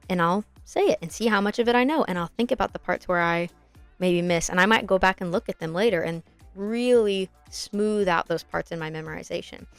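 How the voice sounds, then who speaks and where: A woman's voice: medium pitch, clean tone, dry recording. Encouraging young woman teaching acting. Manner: friendly, encouraging, explains with examples. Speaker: podcast host and acting coach. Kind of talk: casual instructional podcast talk.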